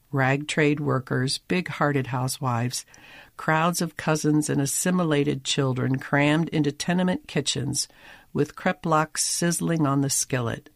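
A man giving scripted narration of a magazine feature, with a measured, articulate reading and wry emphasis. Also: a little high, vocal fry, dry recording, studio quality.

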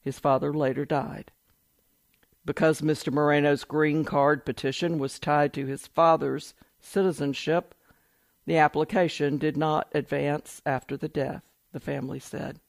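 Guy reading out a news story, kinda high voice, steady and even, dry close sound. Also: a little slow, gravelly, no echo. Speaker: news article reader. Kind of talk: read-aloud news report.

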